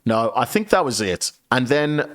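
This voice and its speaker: A man's voice: medium pitch, very animated, normal speed, fairly bright tone. A male streamer telling a rambling, profane story to his viewers in a casual, chatty way.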